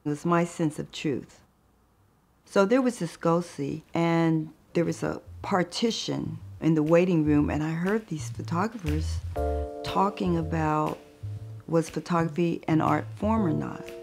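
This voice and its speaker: Older lady, kinda gravelly low voice, reflective storytelling, soft music underneath. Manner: thoughtful, unhurried, with soft laughs. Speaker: photographer.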